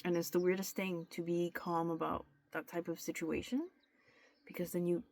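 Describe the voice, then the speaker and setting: This vlogger is a young woman opening up to her camera in a confessional way, restarting often and using lots of fillers. She speaks at a moderate pace with a fairly low, darkish, level voice, and the camera-mic recording is dry.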